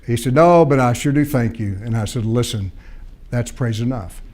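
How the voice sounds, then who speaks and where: A man's voice: mid-range voice, moderate pace, a little mellow. A man speaking to an audience at a seminar, telling a story and acting out both sides of a conversation, often repeating and restarting phrases.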